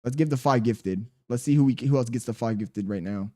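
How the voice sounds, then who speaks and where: A man's voice: medium pitch, brisk. A man live streaming, reading his chat aloud and bantering back in profane, slangy talk. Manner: slangy and animated.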